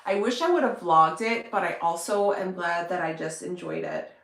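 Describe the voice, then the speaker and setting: A woman's voice: lowish voice, big pitch swings, normal speed, fairly bright tone. A woman vlogger chatting casually to her viewers, rambling with lots of fillers and restarts. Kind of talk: casual chat to camera. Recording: echoey room.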